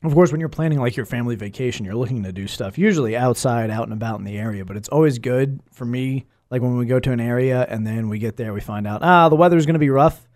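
A man's voice: mid-range voice, quick pace, hardly any pauses, darkish tone. Laid-back joking podcast co-host man. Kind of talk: casual chat.

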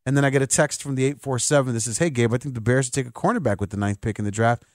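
A man's voice: medium pitch, racing, dry recording, studio quality. A man hosting a sports talk radio show, giving opinionated, emphatic takes on the air.

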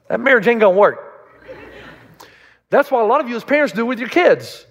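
A man's voice: very high voice, fairly bright tone. A man preaching a sermon as a pastor, emphatic and full of rhetorical questions. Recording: long reverb of a large hall.

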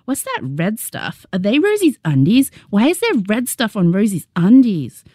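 A woman with an Australian accent voicing a rambunctious, nosy kindergarten girl who asks slow, prying questions. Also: mid-range voice, wildly swooping pitch, darkish tone, no room sound, studio quality, pitched above the performer's own voice.

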